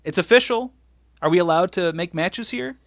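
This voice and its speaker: A man co-hosting a casual chat show, animated and acting out quotes in playful voices. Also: sits high, normal speed, no echo, clean studio sound. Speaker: podcast co-host recapping wrestling.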